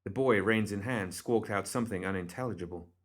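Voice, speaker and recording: A man reading a story aloud as the narrator, in measured, scripted narration. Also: lowish voice. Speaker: reader.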